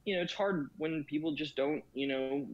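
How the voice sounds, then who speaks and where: Speaking at a moderate pace in a voice on the high side, this male guest rambles through a casual discussion, filling each phrase with "you know". The audio is lo-fi and a little dull.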